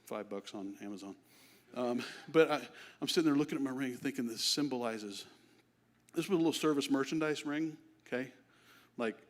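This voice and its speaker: A middle-aged man giving a church testimony, telling his story in an animated, self-deprecating way. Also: mid-range voice. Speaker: guest speaker. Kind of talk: sermon testimony.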